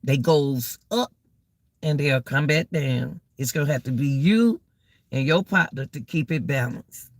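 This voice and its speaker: Gravelly woman giving relationship advice. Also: low-pitched, unhurried, no room sound. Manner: preachy and repetitive, drawls key words, calls listeners "y'all". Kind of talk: casual advice talk to viewers. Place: outdoors in the cold.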